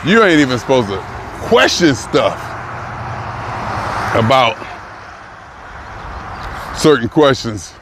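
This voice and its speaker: A man's voice: mid-range voice, big pitch swings, takes it slowly, long pauses. A man in his sixties musing aloud in a rambling, emphatic casual vlog, repeating himself as he works through his thoughts. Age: 60s. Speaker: vlogger. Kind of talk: reflective casual monologue. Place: outdoors near a car rental lot. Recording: noisy outdoor street recording. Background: traffic and city noise.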